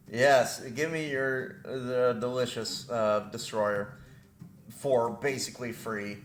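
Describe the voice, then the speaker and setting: A gaming video host with a mid-range voice talks slowly through a let's play, rambling about his moves and griping about the game in a self-deprecating way. The room sounds echoey.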